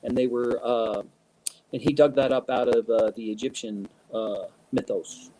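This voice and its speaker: A man's voice: mid-range voice, steady tone, moderate pace, mellow, poor audio. A man in a casual interview, telling rambling stories with many restarts and bursts of laughter. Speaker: guest speaker.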